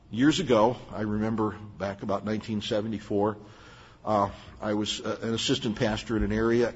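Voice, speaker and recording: With a lowish, slightly rough voice, an older pastor delivers an earnest, emphatic sermon and talks plainly to his listeners in asides. The sound is muffled and carries a long reverb from the hall.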